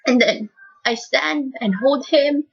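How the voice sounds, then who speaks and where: A woman giving an emotional faith testimony in a soft, tearful voice, halting and repeating her words. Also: sits high, creaky, breathy edge. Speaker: speaker giving a personal testimony. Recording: dull lo-fi recording.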